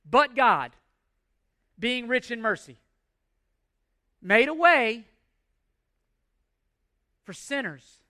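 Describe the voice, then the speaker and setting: A man's voice: sits high, bright, forceful tone, no echo, studio quality. A man in his forties preaching a sermon in an emphatic way, asking rhetorical questions and repeating words as he works through his points. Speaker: pastor.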